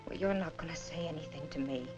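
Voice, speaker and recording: A bitter young woman turns a man away in clipped, cutting sentences, as an actress plays her. Her voice sits at an ordinary middle pitch. A film score plays clearly beneath her. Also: fast, lo-fi sound, close to an everyday voice. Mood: cold. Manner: cold, cutting, building to anger. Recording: old film soundtrack with music.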